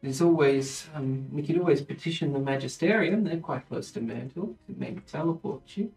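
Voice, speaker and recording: A man narrating as the dungeon master in a tabletop game, chatty and hesitant, with quick asides. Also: fairly high pitch, creaky, a little mellow. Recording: roomy room, distant mic, music underneath.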